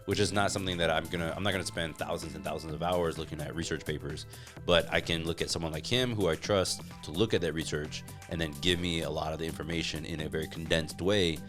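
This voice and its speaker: A man speaking as a podcast guest in casual interview chat, relaxed and full of "like" fillers. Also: rumbling low, fast, music in the background. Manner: relaxed, filler-heavy talk with frequent "like". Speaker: podcast guest, gym co-founder.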